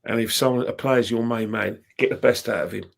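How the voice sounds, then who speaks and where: A man's voice: mid-range voice, steady tone, a little fast, creaky. A middle-aged man co-hosting a fan talk show, making his points in an emphatic, insistent way. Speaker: co-host.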